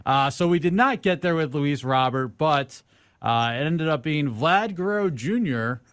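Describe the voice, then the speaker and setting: A man's voice: on the high side, lively intonation, normal speed, a bit bright, smooth, no echo, clean studio sound. A man hosting a sports betting podcast, chatting loosely with frequent filler words. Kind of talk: casual sports betting chat.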